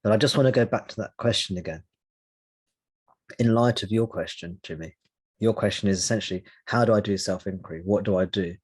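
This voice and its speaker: A man leading a spiritual meeting, answering a question in a slow, reflective way with long pauses. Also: fairly low pitch, breathy edge. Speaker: satsang teacher.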